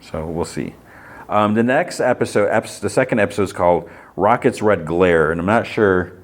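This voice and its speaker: A man hosting a podcast, recapping TV episodes in a casual, rambling way with many fillers. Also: low-pitched. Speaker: podcast host.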